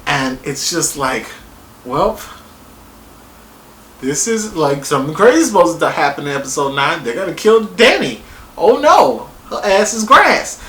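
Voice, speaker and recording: A man giving a casual spoken TV review, excitable and profane, rambling from point to point. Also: fairly high pitch, reverberant, a little hiss or hum, rough recording. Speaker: TV show reviewer.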